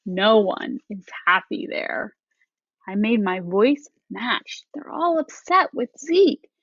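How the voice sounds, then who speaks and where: A woman teacher giving a reading lesson to first graders, explaining each point slowly and clearly. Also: mid-range voice, sing-song, no room sound, highs cut off. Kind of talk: recorded reading lesson for young children.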